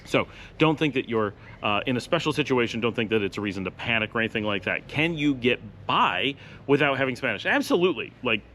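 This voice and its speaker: A man's voice: medium pitch, lively intonation, fast, sharp tone, slight background noise. A man talking to camera in a casual vlog from his home office, answering viewer questions in a rambling, chatty way with dry sarcastic asides.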